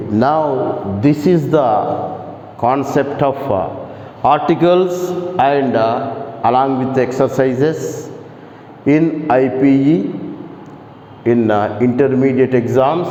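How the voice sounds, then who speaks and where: Slow Indian English teacher in an echoey room. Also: male voice, medium pitch, dark tone. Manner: deliberate, repeats key phrases for emphasis. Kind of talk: classroom grammar lecture. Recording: echoey room, muffled lo-fi audio.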